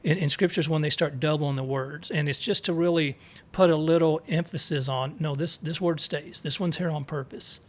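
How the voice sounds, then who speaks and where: A man's voice: on the high side, steady tone, normal speed. A man co-hosting a casual Bible study, reading verses aloud and explaining Hebrew words with chatty asides. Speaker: co-host teaching scripture.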